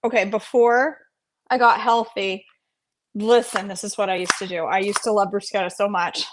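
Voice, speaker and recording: A woman's voice: mid-range voice, fairly even intonation, moderate pace, background noise. A middle-aged woman, chatting casually on a cooking livestream and greeting viewers by name with playful sing-song asides. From North Carolina, USA. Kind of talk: casual live-stream chat while cooking.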